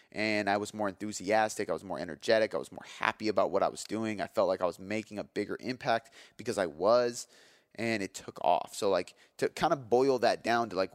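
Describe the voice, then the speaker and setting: A man in his thirties with a low voice, hosting his own podcast. He tells a candid personal story with energy and emphasis, swearing now and then. The sound is dry and close, with no room around it. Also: dry recording. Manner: energetic, emphatic, frequent fillers and profanity. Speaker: podcast host.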